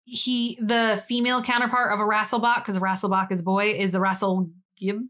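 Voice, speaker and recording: A woman's voice: medium pitch, level tone, brisk, fairly bright tone. A young woman co-hosting a podcast in casual chat, rambling and giggly, swearing casually. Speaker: podcast co-host.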